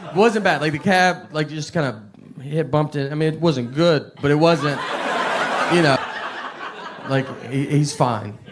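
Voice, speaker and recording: A man with a Tennessee accent telling stand-up stories in a deadpan, understated drawl with frequent filler words. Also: fairly high pitch, measured pace, noisy background. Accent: Southern US, Tennessee. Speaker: stand-up comedian. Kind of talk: stand-up comedy storytelling.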